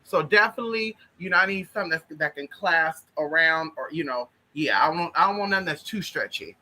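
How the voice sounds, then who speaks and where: Flamboyant high-voiced man calling everyone honey. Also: lively intonation, brisk, pushed and bright. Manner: profane and blunt. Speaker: livestream host. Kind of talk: casual livestream chat greeting viewers.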